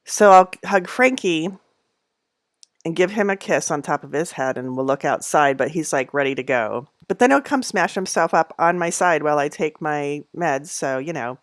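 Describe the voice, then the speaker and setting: A woman's voice: lively intonation, moderate pace, no echo, studio quality. A middle-aged woman chatting casually at home on a livestream, rambling with many fillers and small laughs. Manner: coos in a high voice at her cats. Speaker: knitting channel host.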